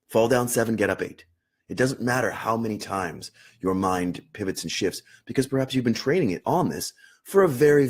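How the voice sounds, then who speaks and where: Young male meditation teacher, husky and lowish voice, earnest and emphatic, repeats key words. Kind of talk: unscripted teaching talk on meditation.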